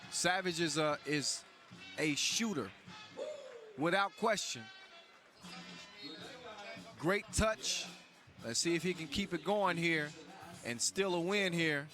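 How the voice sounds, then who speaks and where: A man calls a live shooting contest in a loose, joking commentary style, stumbling through fillers and restarts. His voice sits a little high for a man. Music plays clearly under him throughout. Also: pushed and bright. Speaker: sports commentator. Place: basketball event venue.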